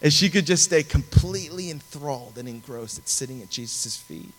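A man preaching a sermon, telling a story in an animated, conversational way, in a large cathedral. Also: mid-range voice, normal speed. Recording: long reverb of a large hall.

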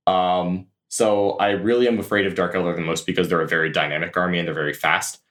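Male guest, very low voice, earnest and thoughtful interview answers. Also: steady tone, quick pace, fairly bright tone. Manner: thoughtful, earnest, with many fillers and restarts. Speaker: guest tabletop tournament player. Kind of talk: casual podcast interview answers.

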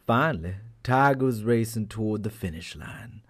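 A man telling a folk tale aloud as a storyteller, in an expressive, unhurried manner. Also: lowish voice. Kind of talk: animated storytelling.

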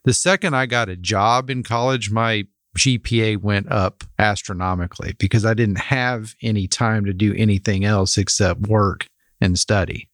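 A male podcast host with a fairly low voice talks in a relaxed, reflective way. The sound is dry and close, with no room echo. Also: moderate pace. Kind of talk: casual interview chat.

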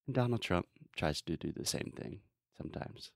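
A man with a fairly low voice teaches English pronunciation in an easy, casual way. He models sounds slowly and patiently and laughs along the way. The sound is dry and close, with no room around it. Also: expressive, creaky, no room sound.

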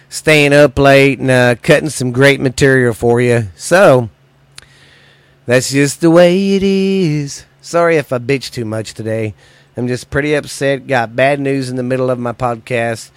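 A man hosting a podcast, ranting in a profane, agitated way that swings between loud and quiet. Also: medium pitch, dry recording. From United States. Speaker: podcast host. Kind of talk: angry solo podcast rant.

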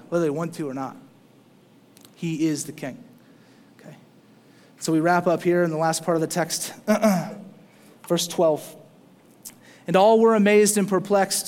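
A man preaching a sermon in a church, animated, with rising emphasis and playful asides to the congregation. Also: fairly high pitch. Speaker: pastor. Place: church sanctuary. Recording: long hall reverb.

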